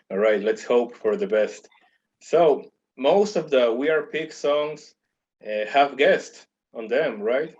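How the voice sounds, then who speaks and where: A man's voice: mid-range voice, expressive, slow pace, darkish tone, lo-fi sound. A man hosting an interview, asking short casual questions. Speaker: interviewer, host.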